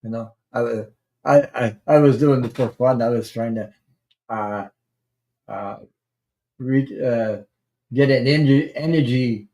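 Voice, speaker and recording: Male livestream host from Canada, casual and halting, unhurried, dark mellow tone. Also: medium pitch. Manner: rambling, halting, greets viewers warmly by name.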